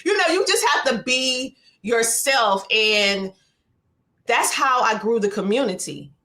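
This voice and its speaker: A woman with a Southern US twang hosting a podcast interview, talking in a lively, expressive and playful way. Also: fairly high pitch, takes it slowly. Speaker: podcast host. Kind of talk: conversational interview.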